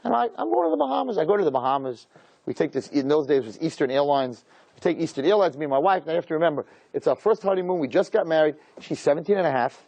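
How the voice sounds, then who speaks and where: A man, a rabbi, telling a personal story in a lively way and acting out the dialogue. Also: creaky, dry recording. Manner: animated, acts out dialogue with quick pitch swings. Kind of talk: storytelling talk.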